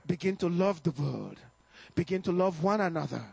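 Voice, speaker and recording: A male pastor preaching a fervent sermon to his congregation, exhorting them with bursts of shouting and chuckles. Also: high voice, animated, normal speed, gravelly, husky, no room sound. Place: church service.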